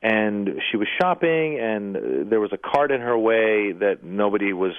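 A man, a comedian and actor, telling stories in a radio interview, relaxed and self-deprecating with frequent hesitations. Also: lowish voice, moderate pace, clean tone, no room sound. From Iranian-American family. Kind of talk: casual anecdote-telling interview. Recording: dry, phone-like radio line.

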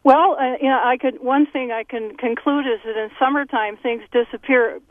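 A woman's voice: sits high, steady tone, moderate pace, no room sound. A woman calling in to a radio show, earnestly and enthusiastically recommending something, heard over a phone line. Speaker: caller. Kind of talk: radio call-in.

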